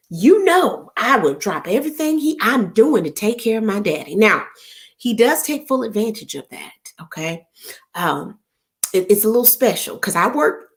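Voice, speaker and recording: A woman hosting an online gathering, telling a story in a chatty, animated way and jumping between asides. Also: medium pitch. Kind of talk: casual storytelling chat.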